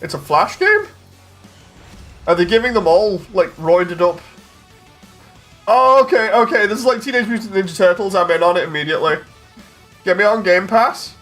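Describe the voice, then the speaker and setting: A man's voice: high voice, faint music behind. A man streaming his reactions to a game showcase, rambling and joking in casual commentary. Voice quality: excitable, rambling, quick to joke.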